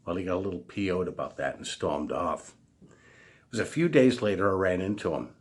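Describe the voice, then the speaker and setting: Blunt, lively low-voiced man. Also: normal speed. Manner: blunt, exasperated, salty. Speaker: vlogger. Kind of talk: casual storytelling monologue.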